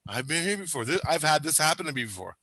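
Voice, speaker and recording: A man telling a wild story in casual chat, animated and profane, acting out what people said. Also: a little high, fast talker, no room sound. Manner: animated, profane, acts out quotes.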